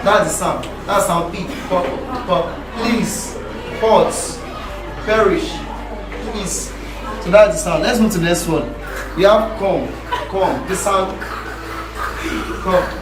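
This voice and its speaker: A man with a Nigerian accent teaching pronunciation to a class, drilling sounds by repeating words loudly. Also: sits high, slow pace, pauses often, noisy background. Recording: echoey room from far off with music.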